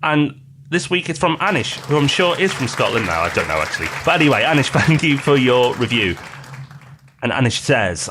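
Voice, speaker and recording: A man co-hosting a property podcast, reading reviews and giving brisk, playful promos. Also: medium pitch, big pitch swings, bright, forceful tone, slight background noise. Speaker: podcast co-host. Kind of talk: casual chat.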